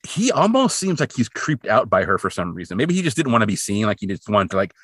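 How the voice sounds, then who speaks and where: A man's voice: lowish voice, sing-song, quick pace, fairly bright tone, breathy edge, dry recording, clean studio sound. A man co-hosting a podcast, recapping an episode in casual, rambling chat and briefly putting on voices for the characters. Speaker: podcast co-host.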